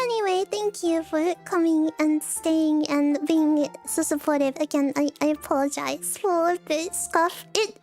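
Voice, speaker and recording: A woman's voice: extremely high pitch, moderate pace, faint music behind. A woman streamer chatting casually with her viewers, giggling often and turning small mishaps into dramatic, self-mocking bits.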